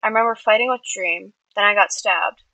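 A woman's voice: mid-range voice, fairly quick, pushed and bright, no echo, poor audio. A woman voicing a stubborn teenage boy vigilante who brushes off worry. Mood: defiant.

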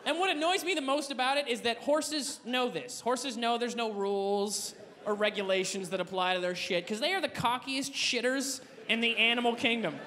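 A man doing a stand-up comedy set, rambling and swearing with animated energy on a comedy club stage. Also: very high-pitched, moderate pace. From Canada. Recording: echoey club with audience laughter.

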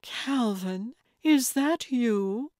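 A woman's voice: medium pitch, slow, smooth, dry recording, clean studio sound, voice pushed up, lightly acted. A woman voicing a charming, gracious older lady who speaks in a sweet, cooing, lilting way in an audiobook. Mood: delighted. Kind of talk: audiobook character voice.

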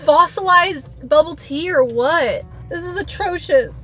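A woman's voice: extremely high pitch, measured pace, fairly bright tone, soft background music. A young woman reviewing drinks in her parked car for a vlog, talking in a dramatic, over-the-top way about what she tastes. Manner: dramatic, exaggerated disgust. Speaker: vlogger.

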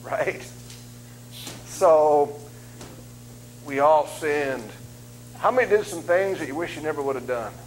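A man's voice: a little high, slow, pauses often, slight background noise, poor audio. A middle-aged man preaching a sermon in a church, joking and acting out voices. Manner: joking, animated, acts out voices and screams. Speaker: guest preacher. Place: church sanctuary.

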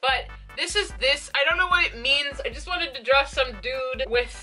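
Bright-voiced young woman vlogging casually. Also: high-pitched, normal speed, faint music behind. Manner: rambling, self-deprecating, laughs often. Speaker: YouTuber. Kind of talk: casual vlog chat.

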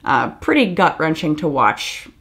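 A woman's voice: low voice, sing-song, unhurried, fairly bright tone. Angry, exasperated woman vlogger. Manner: angry, exasperated, swears a lot. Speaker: commentary vlogger. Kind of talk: ranting video commentary.

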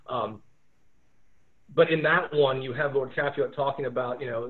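A man's voice: mid-range voice, moderate pace. Casual male teacher on a tinny line. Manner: relaxed, rambling, many fillers. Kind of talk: remote lesson over video call. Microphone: video call. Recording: tinny phone-like audio.

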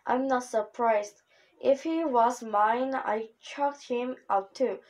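A woman's voice: a little high, slow pace. A woman reading the lines of a blunt, protective young mother in a storybook. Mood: scornful. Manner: sharp, blunt.

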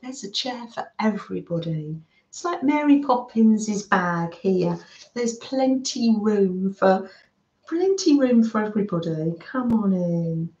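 A British woman hosting a live craft stream, warmly welcoming viewers by name and chatting as she works. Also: medium pitch, animated, a little slow, echoey room, highs cut off. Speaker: craft livestream host.

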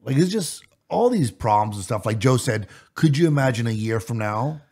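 A man's voice: mid-range voice, animated, moderate pace, darkish tone. A man in comedic podcast banter, rambling through half-finished points and laughing at his own lines.

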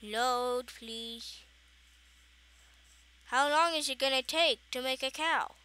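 Slow-talking, bright-voiced woman gamer. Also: sits high, slight background noise. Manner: chatty, playfully exasperated, talks to herself. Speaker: gaming channel host. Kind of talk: casual Minecraft let's play commentary.

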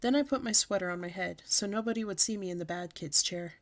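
A woman's voice: medium pitch, fast talker. Woman reading a children's book aloud. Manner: lively, expressive storybook reading. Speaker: storyteller.

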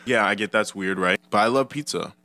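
A man's voice: on the low side, brisk, pushed and bright. A young man telling a casual, rambling story with profane, exasperated asides, as a storytime YouTuber.

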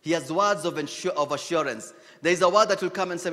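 Kenyan preacher guy, high bright voice, big echo in the church, repeats his lines hard. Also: brisk, creaky, hardly any pauses. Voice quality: emphatic preaching, repeats key lines, switches into Swahili phrases. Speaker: pastor. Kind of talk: sermon.

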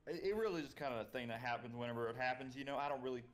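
Man playing a cheerful folksy punster adventurer, relaxed and rambling; tabletop game. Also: mid-range voice, racing, close to an everyday voice. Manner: drawling, folksy, hesitant with fillers. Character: jovial pun-loving male earth-folk adventurer. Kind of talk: tabletop role-play.

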